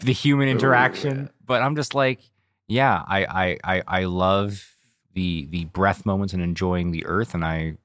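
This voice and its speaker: A man's voice: deep voice, unhurried, fairly bright tone, no room sound, studio quality. A young man chatting casually on a podcast, rambling with lots of restarts and fillers. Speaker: podcast co-host, instructor. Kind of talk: casual chat.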